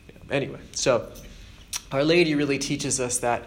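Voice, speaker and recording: A man's voice: mid-range voice, steady tone, normal speed, pauses often, slight background noise. A man giving an informal, earnest spiritual talk as a preacher, conversational and self-deprecating. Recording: roomy echo with faint ambience.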